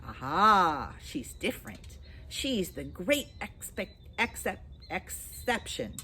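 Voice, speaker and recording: A woman's voice: lowish voice, big pitch swings, takes it slowly, bright, forceful tone, a little hiss or hum, heavily acted. A woman voicing a cheeky, knowing male starling in a storybook reading, with a mocking manner. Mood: jeering.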